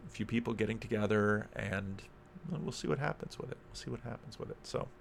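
A man's voice: lowish voice, fairly quick, creaky. A man who is a Christian minister, giving reflective video commentary and thinking aloud, often repeating words and phrases.

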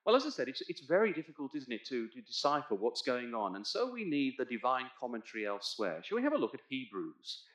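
A man's mid-range voice races along with big pitch swings and hardly any pauses as he preaches an expository sermon. He directs listeners to their Bibles and swells loud on key points, his words echoing through a church hall.

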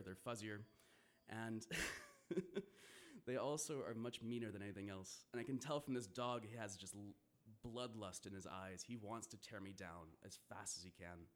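A man telling a vivid first-person story to an audience, swearing and laughing now and then. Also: on the low side.

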